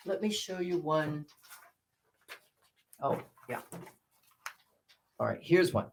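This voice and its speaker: A man giving a workshop lecture to English teachers on word stress. He talks in halting stretches full of uh and restarts, then swoops his pitch up to model stressed syllables. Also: animated, vocal fry, slight background noise. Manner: halting, with many uh fillers and restarts.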